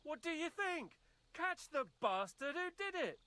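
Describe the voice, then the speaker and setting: An actor voicing a haughty, short-tempered lord in a video game. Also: male voice, very high voice, very animated, unhurried, pushed and bright, no room sound, full character voice. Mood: imperious. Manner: imperious, snappish.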